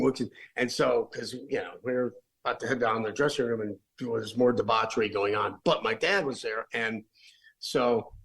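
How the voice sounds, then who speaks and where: A late-middle-aged man with a gravelly, creaky edge to his voice and a middle-pitched register. He tells road stories as a rock musician guest, wandering through them with restarts and fillers. The delivery is loose and conversational. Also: a bit bright, rough recording. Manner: rambling, with many restarts and fillers. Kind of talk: casual storytelling.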